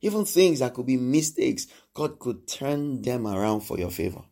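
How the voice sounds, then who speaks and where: A male preacher delivering a sermon with a gravelly, rough-edged voice at an ordinary middle pitch. He drives points home by repeating phrases and questioning his congregation. He swings between loud declarations and hushed lines. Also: big pitch swings, moderate pace. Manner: acts out quoted speech with sudden swings in loudness.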